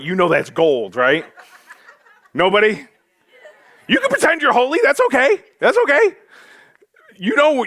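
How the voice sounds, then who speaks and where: A man's voice: high voice, fairly bright tone, no echo, studio quality. A male pastor preaching a sermon in a church, joking with the congregation in a loose, conversational way full of fillers.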